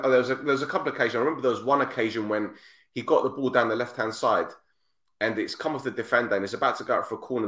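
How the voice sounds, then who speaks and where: A man's voice: mid-range voice, reverberant. A man hosting a football podcast, telling stories in casual chat and acting out the people in them. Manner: animated storyteller, acts out voices, repeats himself. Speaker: podcast host.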